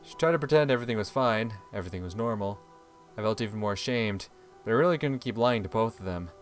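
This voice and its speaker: A man's voice: on the low side, animated, fast, faint music behind. A man hosting a gaming video, reading visual-novel lines aloud and breaking into exasperated, profane comic rants.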